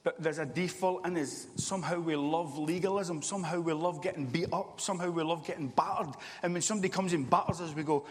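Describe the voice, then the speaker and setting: A man preaching a sermon in church, swinging from loud, impassioned calls to quiet, confiding stories. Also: on the high side, fairly quick, few pauses, long reverb tail.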